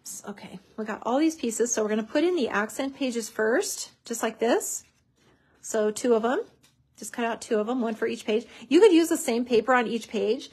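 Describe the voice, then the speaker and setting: A woman's voice: a little high, moderate pace, darkish tone, breathy edge. A woman hosting a crafting tutorial, chatting enthusiastically as she glues and layers papers. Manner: chatty, enthusiastic, lots of "so cute". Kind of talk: casual crafting demonstration.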